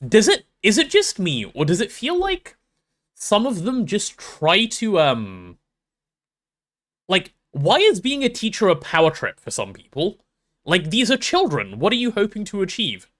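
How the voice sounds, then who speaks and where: A man's voice: sits high, wildly swooping pitch, a little slow, fairly bright tone. A young man chatting casually while streaming a game, rambling and playful with self-deprecating stories. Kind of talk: casual gaming stream chat.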